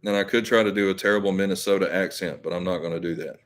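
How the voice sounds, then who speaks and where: A man's voice: deep voice, steady tone, very fast. A man hosting a live stream, chatting casually with viewers in a rambling way, full of fillers and self-corrections. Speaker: YouTube channel host.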